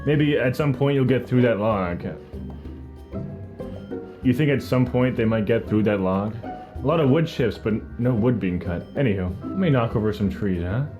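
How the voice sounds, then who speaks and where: A young man from Canada streams a video game live, talking through it in an animated, self-mocking way. His voice sits at an ordinary middle pitch. Game music plays faintly behind him. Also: moderate pace. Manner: animated, self-mocking, jokey running commentary. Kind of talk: live gameplay commentary.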